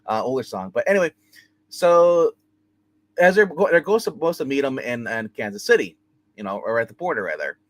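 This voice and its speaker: A man casually recapping a TV episode, rambling and animated, acting out the characters' lines with plenty of swearing. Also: mid-range voice. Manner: rambling, animated retelling with acted quotes and swearing. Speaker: show host reviewing a TV episode.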